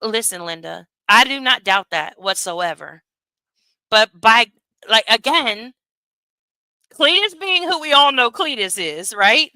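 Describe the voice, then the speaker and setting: A woman's voice: fairly high pitch, expressive, takes it slowly, sharp tone, no echo, clean studio sound. A woman giving heated, profane livestream commentary, rambling with many asides and tags like "right?". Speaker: commentary streamer.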